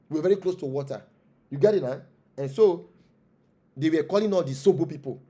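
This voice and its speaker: A man's voice: high-pitched, animated, brisk, warm tone. Nigerian guy preaching in an interview, keeps asking questions and repeating himself. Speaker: traditional spiritual leader, guest. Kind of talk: impassioned interview monologue.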